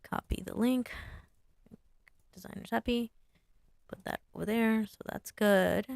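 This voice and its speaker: This casual screen-share walkthrough features a woman sign designer thinking aloud and muttering to herself at her desk mic. Her voice is fairly high and a little mellow with vocal fry, and she speaks a bit slowly.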